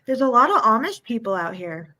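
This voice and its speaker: A woman's voice: fairly high pitch, big pitch swings, a little fast, bright, forceful tone. A woman from Nebraska, a guest on a podcast, chatting casually and rambling through a story. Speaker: B&B owner guest. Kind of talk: casual chat.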